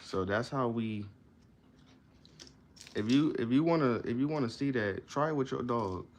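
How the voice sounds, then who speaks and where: This male reader, medium in pitch and lively in his intonation, moves at a moderate pace through a self-help book. After each passage he breaks into casual slang to explain it, frequently restarting or repeating himself over a bit of background noise.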